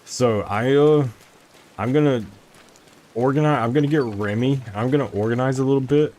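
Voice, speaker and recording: A young gaming streamer chats casually with his viewers while playing, rambling, interrupting himself and often restarting sentences. His mid-range voice is a little mellow, at a moderate pace.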